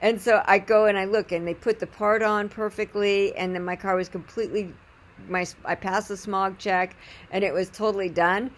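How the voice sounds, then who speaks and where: A woman telling a personal story in an animated, chatty way with frequent laughter. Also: mid-range voice, normal speed, slight background noise. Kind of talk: casual storytelling monologue.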